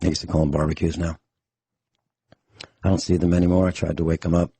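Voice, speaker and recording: A hoarse man hosting talk radio, his very low, dark voice worn rough from days of talking. He sounds out of breath, blunt and angry as he delivers his monologue. The recording is close and dry. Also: little pitch movement, fast, no echo. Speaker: radio show host.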